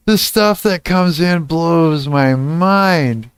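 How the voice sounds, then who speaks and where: A man's voice: on the high side, very slow, smooth, no echo. A young man hosting a casual livestream, reading chat comments aloud, laughing often and swearing freely. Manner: giggly, swears a lot, reads chat aloud. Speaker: livestream host.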